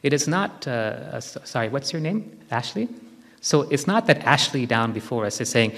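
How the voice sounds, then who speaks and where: A man giving a live spiritual talk to a group, gently instructive and repeating his key phrases. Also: medium pitch, animated, a little fast. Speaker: spiritual teacher. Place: large hall with long reverb. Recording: long hall reverb from a live talk.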